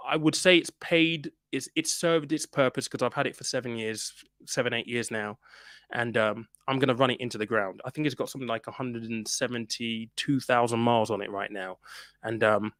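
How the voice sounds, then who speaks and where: A man, hosting a casual personal finance chat and reading out viewer comments, chatty and quick to laugh, with many restarts. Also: medium pitch, a bit bright, no echo, clean studio sound. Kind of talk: casual live-stream chat.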